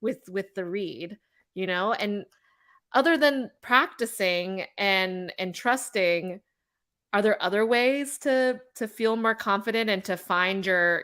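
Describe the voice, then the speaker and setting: A woman's voice: medium pitch, a bit bright. A woman podcast host in conversation with a guest, reflecting aloud and asking open questions. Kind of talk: interview conversation.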